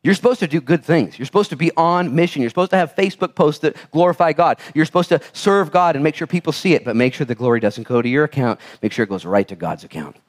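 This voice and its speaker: A man preaching a sermon as pastor in a church, animated and storytelling, swinging from hushed intensity to loud exclamations. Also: a little high, fast talker, hardly any pauses. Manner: storytelling, acts out quoted dialogue.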